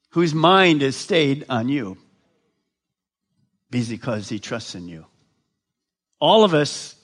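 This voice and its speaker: A man preaching a sermon to a large crowd, slow and emphatic, often putting questions to his listeners. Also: medium pitch, fairly bright tone. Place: large gathering addressed live.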